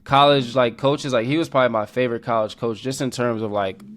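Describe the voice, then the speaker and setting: A young man co-hosting a podcast, talking in a relaxed, rambling way with lots of filler words. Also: medium pitch, fast talker. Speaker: podcast co-host. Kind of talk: casual chat.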